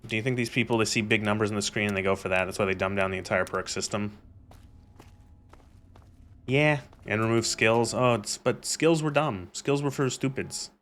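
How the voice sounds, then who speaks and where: A man's voice: fairly low pitch, normal speed, fairly bright tone. A man streaming a game, ranting casually with lots of swearing and fillers. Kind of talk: casual gameplay commentary and rant.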